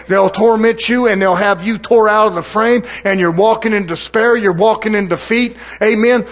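A middle-aged man preaches with a fiery, mocking delivery. He calls out to his congregation, and his voice sits high for a man. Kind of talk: sermon.

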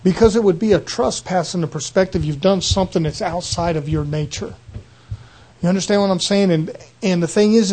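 A man's voice: sits high, darkish tone. Earnest folksy preacher man. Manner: earnest, folksy, repeats himself and restarts phrases. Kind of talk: conversational sermon.

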